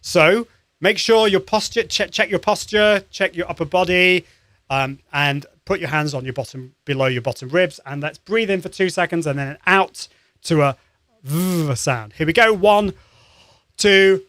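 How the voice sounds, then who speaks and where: A man hosting a live-streamed lesson, coaching voice warm-ups in an upbeat, encouraging way with many restarts. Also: high voice, unhurried, no echo. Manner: upbeat and encouraging, demonstrates sounds; conversational with frequent restarts.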